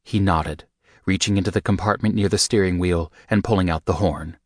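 A male narrator reads a first-person audiobook in a measured, steady manner. His voice is very low, and the recording is dry and close with no room sound.

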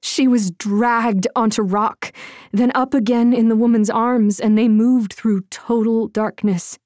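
Woman reading a fantasy story out loud, slow and dramatic, dry. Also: a little high, steady tone, no echo. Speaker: audiobook narrator. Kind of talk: scripted narration.

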